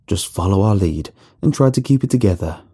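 A man voicing a calm, matter-of-fact guide leading the way through a sewer in a horror story. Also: low-pitched, a little fast, husky.

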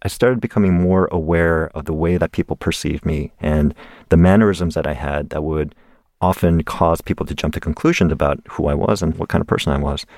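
A man's voice: rumbling low, a little fast, darkish tone, no echo, clean studio sound. A man in his forties from the United States, a guest in an interview telling a personal story animatedly and laughing along the way.

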